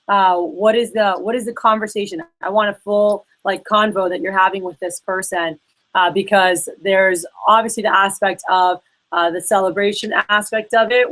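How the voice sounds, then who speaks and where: A woman runs a sales workshop in a loose, chatty way, her voice sitting at an ordinary middle pitch. She keeps slipping into quoted back-and-forth to act out calls with her reps, talking to a room of trainees. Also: fairly bright tone, rough recording. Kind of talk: casual workshop coaching.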